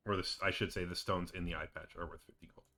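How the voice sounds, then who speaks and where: A man's voice: low voice, little pitch movement, fast, bright, forceful tone, soft background music. A man running a tabletop game as game master, narrating with many hesitations and fillers.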